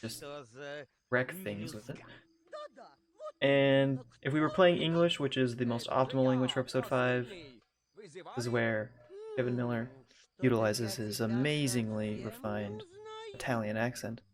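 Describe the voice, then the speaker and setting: A man casually commentating a speedrun race with a relaxed, wry manner, often laughing. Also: medium pitch, measured pace, long pauses, a crowd in the background.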